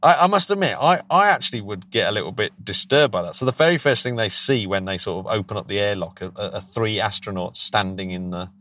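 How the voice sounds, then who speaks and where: A man's voice: fairly low pitch, expressive, quick pace, few pauses, bright, forceful tone, a little hiss or hum. A British man, a podcast co-host and teacher, chatting casually and eagerly with frequent restarts and laughs. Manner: enthusiastic, stumbling restarts, laughs often. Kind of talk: casual chat.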